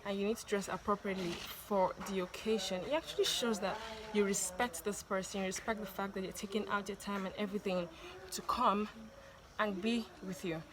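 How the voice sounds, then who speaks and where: Woman, mid-pitched, casual advice vlog to camera, repeats warnings, light background noise. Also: steady tone, brisk. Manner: chatty, repeats warnings with "okay?" and "please". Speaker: vlogger giving dating tips.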